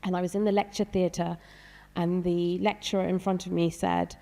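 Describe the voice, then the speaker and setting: Woman doctor in her 30s, flat low voice, lots of ums, echoey hall. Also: normal speed, gravelly. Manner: hesitant, many ums, emotional. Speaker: doctor and patient guest. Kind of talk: panel discussion. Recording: long hall reverb.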